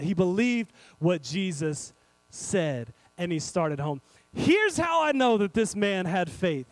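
High-voiced pastor preaching. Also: male voice, slow pace, no echo, low-quality recording. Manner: animated, addresses congregation directly, swings between loud and hushed. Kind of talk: sermon.

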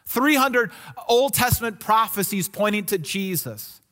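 A man's voice: high voice, expressive, unhurried, fairly bright tone. A male pastor delivering a sermon in an earnest, conversational way, often restarting his sentences.

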